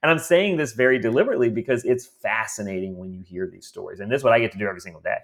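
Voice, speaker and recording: A man's voice: on the low side, very fast. A man who runs home cleanouts, telling stories in a conversation and acting out the people in them. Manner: animated storyteller, acts out voices. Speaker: estate cleanout business owner. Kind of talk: storytelling in a conversation.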